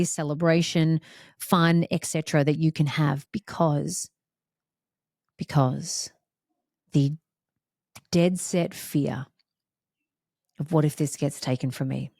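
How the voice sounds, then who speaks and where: A woman's voice: low-pitched, steady tone, a little slow, long pauses, a little mellow, no echo, clean studio sound. A woman hosting a reflective solo podcast, talking in an emphatic, repetitive, heartfelt way. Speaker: podcast host.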